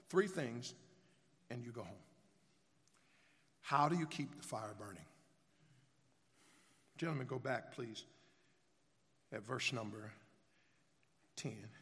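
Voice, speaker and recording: A man's voice: mid-range voice, lively intonation, measured pace, pauses often, fairly bright tone. A man preaching a sermon, reading scripture aloud and calling on the congregation to answer and repeat after him. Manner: call-and-response with congregation, rhetorical questions. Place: church sanctuary. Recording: long church reverb.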